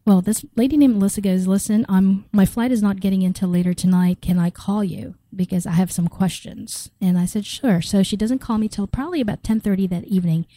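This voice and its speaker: A woman's voice: mid-range voice, fairly quick, hardly any pauses, mellow, no room sound, low-quality recording. A middle-aged woman from the Philippines telling her own story in an interview, acting out the quoted dialogue and laughing often. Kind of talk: personal storytelling.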